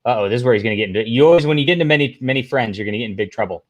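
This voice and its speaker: A man's voice: mid-range voice, racing, muffled recording, a little hiss or hum. A man hosting a casual livestream, rambling through commentary, reading posts aloud, talking to the chat and throwing in sarcastic asides. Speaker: livestream host.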